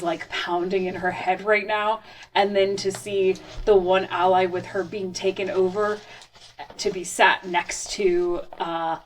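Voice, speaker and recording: A woman playing a tabletop game, explaining her character in a thoughtful, halting way. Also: fairly low pitch, far from the mic, poor audio. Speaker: player.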